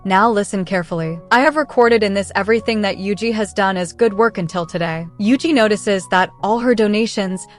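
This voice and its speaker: A woman narrating a drama recap, retelling the plot in a plain, steady way and reading the characters' lines lightly. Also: medium pitch, a little fast, hardly any pauses, faint music behind. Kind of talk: scripted narration.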